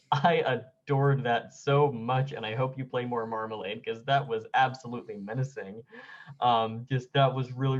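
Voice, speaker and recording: A man speaks in an even, mid-range voice, heaping emphatic praise on his fellow players after a tabletop game. The audio is a little dull and muffled, like a modest home mic. His tone is casual and warmly conversational. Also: mid-range voice. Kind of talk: casual post-game feedback.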